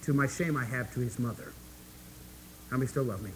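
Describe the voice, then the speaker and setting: A man preaching a sermon to his congregation, emphatic and folksy, swinging between hushed asides and loud, rising points. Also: mid-range voice, brisk, slight background noise, rough recording. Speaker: pastor.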